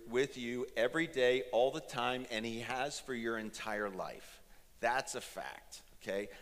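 A man's voice: medium pitch, a bit bright, in a large hall. A man in his fifties preaching a sermon as pastor, telling a personal story in an earnest, emotional way.

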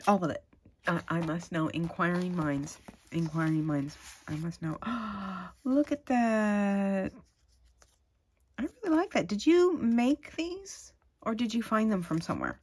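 A middle-aged woman, chatting casually and gushing excitedly as she opens craft mail at home. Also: mid-range voice, unhurried. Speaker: crafting vlogger. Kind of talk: casual unboxing chat.

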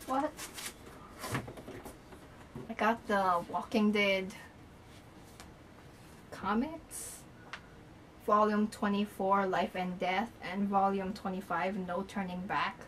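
Young woman, excited unboxing vlog, gushing, breathless, lots of filler, mid pitch, faint room noise. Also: takes it slowly, pauses often, low-quality recording. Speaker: YouTuber.

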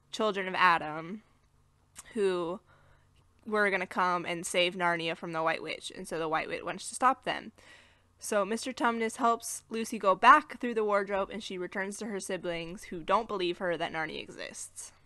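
Chatty American woman with a bright voice. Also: mid-range voice, smooth, no echo. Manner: chatty, laughs at her own slips, recaps plot. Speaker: podcast co-host. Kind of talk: casual movie review chat.

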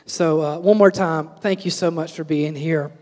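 A man's voice: on the high side, fairly even intonation, moderate pace, darkish tone, slight background noise. A man in his thirties, a pastor preaching a sermon, telling humorous stories with asides to the congregation. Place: church sanctuary. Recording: long church hall reverb.

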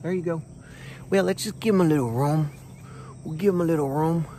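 A man hosting a comic vlog outdoors, talking in a folksy, hushed, deadpan way and tagging phrases with "okay?". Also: fairly high pitch, a little fast, a little hiss or hum. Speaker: vlog host playing a self-styled squirrel expert. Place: outdoors under a tree on a farm. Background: faint crickets and insects.

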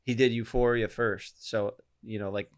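A man's voice: fairly low pitch, level tone, normal speed, smooth. Profane, rambling male podcast host. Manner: loose and profane, lots of "like" fillers. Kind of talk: casual chat.

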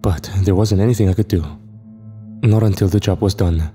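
A man narrating a first-person horror story in a steady, reflective way. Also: low voice, brisk. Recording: reverb with faint music.

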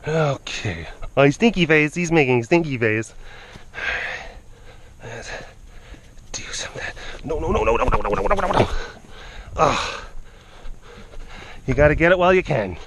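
A man working as a big cat keeper, talking casually to camera and coaxing animals in a playful voice that repeats phrases and sometimes drops to a hush. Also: on the high side, expressive, moderate pace, vocal fry, pauses often, a little hiss or hum.

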